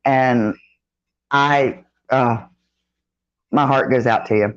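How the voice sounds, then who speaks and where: A middle-aged woman chatting casually on a live stream, reading out the live chat and greeting viewers by name in a folksy, drawn-out way. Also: rumbling low, steady tone, dull audio.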